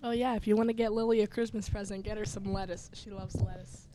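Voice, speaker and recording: A woman's voice: medium pitch, fairly even intonation, fast talker, warm tone, slight background noise, low-quality recording. A teenage girl co-hosting a student show, teasing dryly in casual chat. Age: teens. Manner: dry, teasing.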